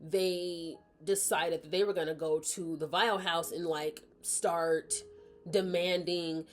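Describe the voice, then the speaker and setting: A woman's voice: lowish voice, fairly even intonation, slow pace, faint music behind. A woman chatting casually as she reviews a book, rambling and often correcting herself.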